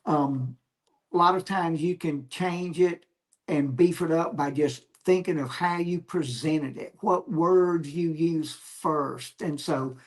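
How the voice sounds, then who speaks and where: A male comedian, a guest on a podcast, telling stories in an animated, reflective way about his craft. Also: on the high side, slow pace. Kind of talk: casual storytelling chat.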